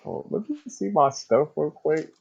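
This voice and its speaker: A man's voice: fairly high pitch, sing-song, unhurried, vocal fry, a little mellow, slightly rough, muffled recording. A young man playing a tabletop game, joking, laughing and swearing casually. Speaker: player.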